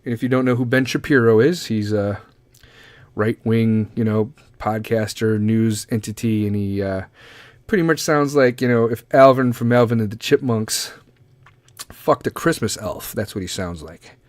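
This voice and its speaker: A man's voice: on the low side, normal speed, darkish tone, no room sound. A man hosting a comedy podcast, rambling casually with lots of swearing and pep talk. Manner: profane, rambling, motivational. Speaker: podcast host.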